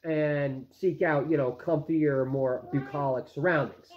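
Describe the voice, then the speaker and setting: A man's voice: a little high, steady tone, measured pace. A man in his forties ranting comically and self-mockingly about his food, with many fillers. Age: 40s. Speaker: vlogger dad. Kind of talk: comic rambling rant. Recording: echoey room, dull lo-fi sound.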